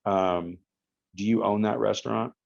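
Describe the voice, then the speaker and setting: A man putting on a soft, lecturing male friend. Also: steady tone, vocal fry, muffled recording. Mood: quietly scolding. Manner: low, soft, measured lecturing. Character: calm adult male friend, quietly scolding.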